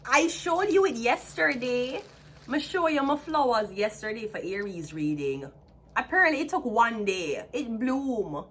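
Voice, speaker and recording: Jamaican-accented female tarot reader, higher pitch, excitable and repetitive delivery. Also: a little slow, slightly rough. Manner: excitable, chatty, repeats herself. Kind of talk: casual tarot reading to camera.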